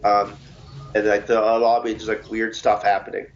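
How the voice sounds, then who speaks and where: A man being interviewed as an author, talking in a relaxed, chatty way with self-mocking humor. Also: fairly low pitch, moderate pace, a little hiss or hum. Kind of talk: casual interview answers. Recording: dull lo-fi recording.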